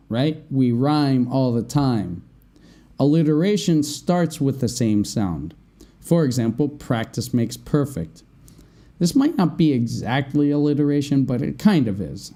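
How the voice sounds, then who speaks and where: Slow, mellow-voiced male English teacher. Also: mid-range voice. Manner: explains slowly, often asks "right?". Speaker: English teacher, podcast host. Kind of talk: vocabulary lesson.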